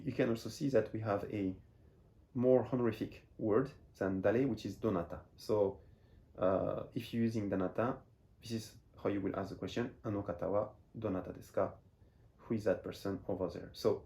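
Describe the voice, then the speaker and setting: A man from France with a fairly low voice teaching a beginner class. He explains patiently and circles back over his phrases as he works through each point. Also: warm tone. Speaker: Japanese teacher. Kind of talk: explaining lesson.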